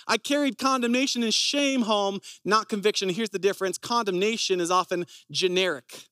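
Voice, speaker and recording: A preacher with a notably high, sharp voice delivers a sermon at normal speed with hardly any pauses, weaving personal stories into earnest, conversational teaching. The sound is close and dry, with no echo and almost no room around it.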